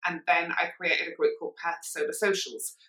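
A forthright woman speaks as a guest on a podcast, earnest and plain-spoken about her coaching work. Her tone is bright and carrying. The room around her sounds echoey. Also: on the low side, flat delivery, a little fast. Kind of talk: casual podcast conversation. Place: lives in Perth, Australia.

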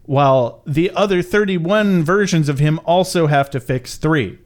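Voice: mid-range voice, unhurried. A podcast co-host in a casual recap chat, joking and swearing freely as they comment on an episode.

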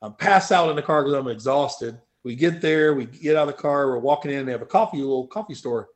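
A man telling stories as a powerlifting guest in a casual interview, animated and swearing freely. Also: medium pitch, quick pace. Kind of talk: casual storytelling.

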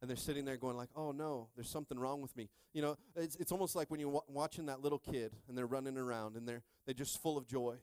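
Man, pastor, sermon, call-and-response, hushed to shouting, dry close mic. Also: mid-range voice, fairly even intonation, fast, few pauses, smooth, no echo.

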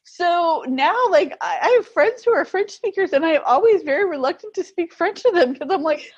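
A woman's voice: extremely high pitch, animated, normal speed, highs cut off. A woman telling stories in a casual interview, laughing often as she talks. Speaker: guest.

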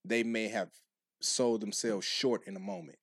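A man's voice: on the low side, fairly even intonation, measured pace, fairly bright tone, no echo, clean studio sound. A man co-hosting a podcast, talking in a laid-back, profane way as he philosophizes about relationships. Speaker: podcast co-host. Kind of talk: casual chat.

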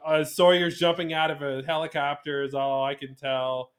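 In a slightly high voice with a level tone, this man co-hosts a podcast, keeping things casual with puns and self-mocking jokes.

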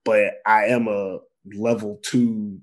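A man's voice: fairly low pitch, slow. Chatty American man explaining things. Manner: relaxed, talkative, explains at length with everyday slang. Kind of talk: casual chat.

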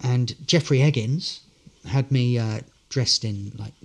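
A man's voice: medium pitch, takes it slowly. Rambling man telling stage stories. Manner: good-humoured, rambling storyteller. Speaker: actor, podcast guest. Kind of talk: casual interview anecdotes.

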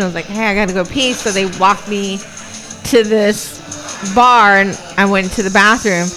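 Woman cohost telling a story, blunt and animated, music going in the background. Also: mid-range voice, rough recording. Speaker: podcast co-host. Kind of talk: casual movie watch-along chat.

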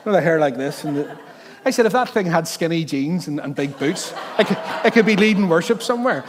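A man preaching a sermon, telling funny stories in an animated, jokey way and interrupting himself often. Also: a little high, brisk, in a large hall, noisy background. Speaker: pastor. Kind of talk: sermon with humorous storytelling.

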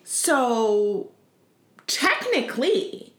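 A woman's voice: on the high side, extremely slow, roomy sound. A woman in casual chat, telling stories animatedly and acting out the people she quotes. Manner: animated storyteller, acts out quotes.

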